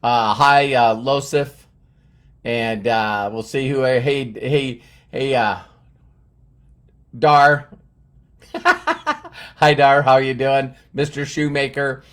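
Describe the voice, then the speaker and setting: Hosting a live stream, a man greets viewers by name as he chats, full of fillers and repetitions. His mid-range voice is fairly even in intonation, and he talks slowly with long pauses.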